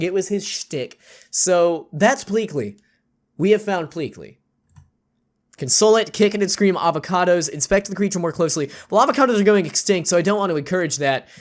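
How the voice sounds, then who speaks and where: A man reading a text game aloud with jokey, sarcastic, rambling asides. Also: on the high side. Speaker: YouTube gamer.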